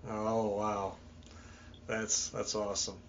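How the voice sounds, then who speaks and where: A man's voice: fairly low pitch, flat delivery, takes it slowly. A man interviewing, mostly giving brief encouraging responses. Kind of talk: casual interview. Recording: dull lo-fi sound.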